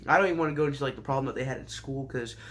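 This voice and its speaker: A man's voice: mid-range voice, rapid-fire. A man casually recapping a show with sarcastic, rambling asides and mock surprise. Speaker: show reviewer.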